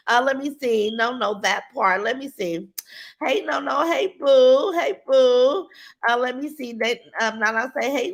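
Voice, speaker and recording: Middle-aged woman livestream host, somewhat high voice, blunt and cussing, reads chat. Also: a bit bright. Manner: blunt, profane, defiant. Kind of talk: livestream chat, reading viewer comments.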